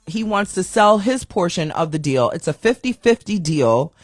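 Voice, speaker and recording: A woman's voice: on the low side, animated, normal speed, dry recording, clean studio sound, faint music behind. A woman hosting a podcast, casually running through celebrity news headlines in a chatty, slangy, self-mocking way, sometimes tripping over her words. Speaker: podcast host.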